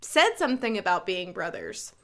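A woman's voice: medium pitch, big pitch swings, normal speed, creaky. A woman co-hosting a morning radio show, playful and teasing, insisting firmly when she knows she's right. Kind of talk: casual banter.

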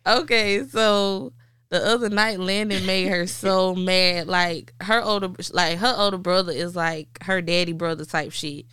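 A woman's voice: fairly low pitch, measured pace, clean tone, dry recording, clean studio sound. A young woman co-hosting a podcast in casual chat, telling family stories with lots of laughter. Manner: laughing, animated storytelling. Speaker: podcast co-host.

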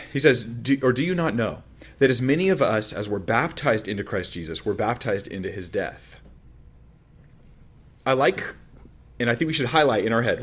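A man's voice: medium pitch, slightly rough. A man preaching a sermon as a pastor, teaching through a Bible passage in a conversational way with emphatic rises and frequent restarts.

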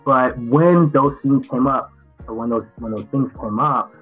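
A man's voice: mid-range voice, measured pace, slightly rough. A man, an actor as interview guest, answering frankly and reflectively, often restarting his sentences. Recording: tinny phone-like line with faint music.

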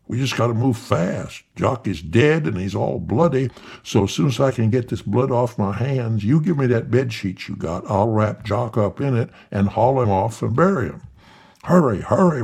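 A man voicing a sly, wiry thief who fakes an old man's voice, hurried and bossy, gravelly. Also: medium pitch, animated, darkish tone. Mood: urgent.

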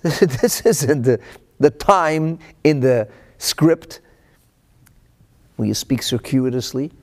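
A man teaching a Talmud class, who swings from loud dramatic exclamations to hushed whispers. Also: mid-range voice, takes it slowly.

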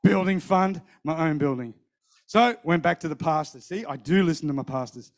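With a voice on the high side and at normal speed, a middle-aged preacher animatedly relates a personal story during his sermon, playing out what others said and repeating phrases.

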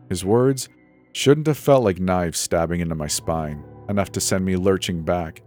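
Deep-voiced man narrating horror. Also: normal speed, darkish tone. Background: faint music.

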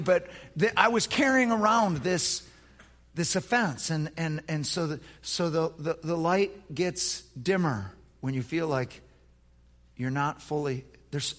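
A man preaching a sermon as a pastor, with many halting restarts, swinging between hushed near-whispers and passionate shouted peaks. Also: on the high side, big-room sound.

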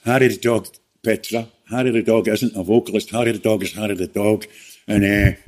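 A man's voice: fairly low pitch, steady tone, a little fast, darkish tone, a little hiss or hum. A man talking as a guest in a casual interview, rambling with lots of "you know" and restarts.

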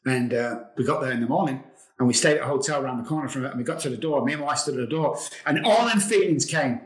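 A man's voice: medium pitch, fast talker. A middle-aged man speaks as an interview guest, recounting personal hardships in an earnest, confessional manner. He circles back on phrases to drive them home. The recording has a noticeable roomy echo. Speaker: guest, addiction recovery expert. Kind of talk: emotional personal storytelling.

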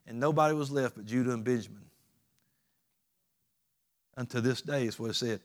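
A man's voice: medium pitch, fairly even intonation, normal speed, long pauses. Folksy preacher man. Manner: preaching with emphatic, rising calls to the congregation; folksy, plainspoken phrasing. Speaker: pastor. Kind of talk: sermon.

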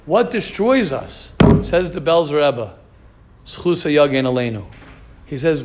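A rabbi teaching an informal Torah class, animated and questioning his students, mixing in Hebrew terms. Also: on the high side, unhurried, slight background noise.

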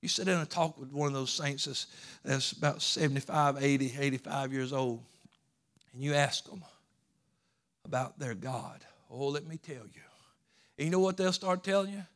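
A male pastor, teaching Sunday school, swinging from soft hushed asides to impassioned crescendos. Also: medium pitch, normal speed. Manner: impassioned preaching, builds to fervent crescendos.

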